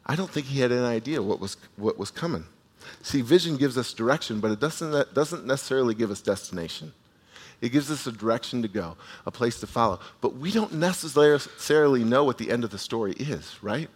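A man preaching a sermon, retelling a scripture story in a conversational, animated way with asides to the listeners and frequent restarts. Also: medium pitch, a little fast, breathy edge. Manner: restarts and repeats words while speaking. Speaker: pastor.

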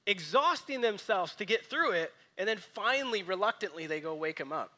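Pastor, male, 30s, high bright voice, animated sermon delivery. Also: fairly quick.

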